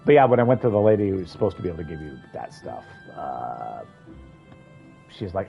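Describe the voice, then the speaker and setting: A man's voice: deep voice, very animated, brisk, gravelly, dull audio, soft background music. A man streaming a video game, chatting casually and thinking aloud as he rambles through it. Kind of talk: casual gameplay commentary.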